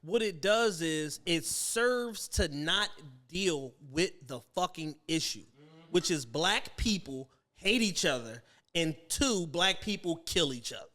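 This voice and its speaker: Blunt high-voiced podcast man. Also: lively intonation, takes it slowly, pushed and bright. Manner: blunt, emphatic, swearing. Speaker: podcast co-host. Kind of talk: casual chat.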